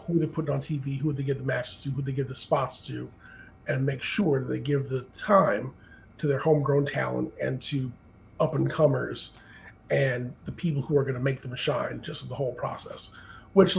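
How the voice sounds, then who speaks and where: A man co-hosting a wrestling podcast in casual chat, talking in a measured way and thinking aloud with frequent pauses. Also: mid-range voice, steady tone, vocal fry, darkish tone, slight background noise, rough recording. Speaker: podcast co-host.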